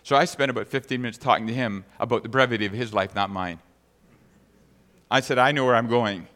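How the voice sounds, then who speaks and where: A man's voice: medium pitch, brisk, fairly bright tone, big-room sound. A man preaching a sermon as pastor, reading scripture aloud and then speaking conversationally to the congregation.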